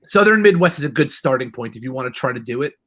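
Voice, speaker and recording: A man's voice: medium pitch, lively intonation, fast, fairly bright tone, no echo, poor audio. A man with a New York accent, hosting a casual chat and telling rambling stories with lots of restarts. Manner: rambling, chatty storyteller with many restarts. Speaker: host.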